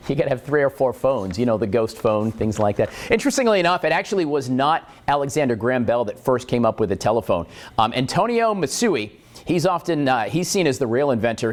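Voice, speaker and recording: Animated, jokey male morning show host. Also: mid-range voice. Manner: jokey, rambling, slips into silly voices. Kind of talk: casual comedic monologue.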